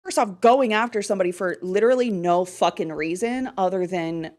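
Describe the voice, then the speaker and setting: A woman co-hosting a casual chat show, ranting fast and swearing a lot. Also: medium pitch, darkish tone. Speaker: co-host.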